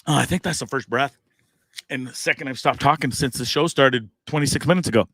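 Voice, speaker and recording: A man hosting his own live show, telling a long story in a casual, animated way, acting out the other people in it and swearing freely. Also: medium pitch, fairly quick, dry recording. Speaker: host.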